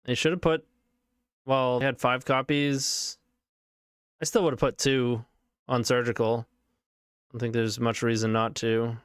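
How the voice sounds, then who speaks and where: Casting: male streamer, smooth voice, unhurried delivery, casual running game commentary. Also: medium pitch, little pitch movement, dry recording, clean studio sound. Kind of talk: live card game commentary.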